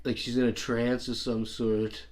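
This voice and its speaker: A man's voice: mid-range voice, flat delivery, measured pace, a loud crowd. A man from Canada with a Canadian English accent, hosting a casual storytelling chat in a blunt, swearing manner with frequent laughs. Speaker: channel host.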